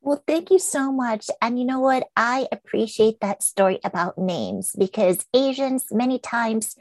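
A woman hosting an interview, effusive and quick to thank her guest. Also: a little high, no echo. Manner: warm, effusive, thanking often. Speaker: interview host. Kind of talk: interview conversation.

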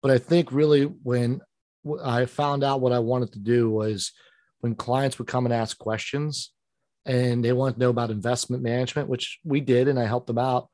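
A man's voice: medium pitch, flat delivery, moderate pace, a little mellow, dry recording. Pittsburgh guy, financial planner chatting as a guest, rambles and restarts a lot, dry close sound. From Pittsburgh, Western Pennsylvania. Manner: earnest, rambling, with many restarts and fillers. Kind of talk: interview conversation.

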